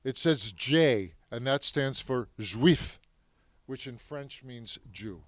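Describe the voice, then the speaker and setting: A man's voice: medium pitch, animated, slow, dry recording. A man telling his family's story to students in a classroom, speaking emphatically and asking them questions. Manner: emphatic, addresses the audience with questions. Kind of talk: classroom talk.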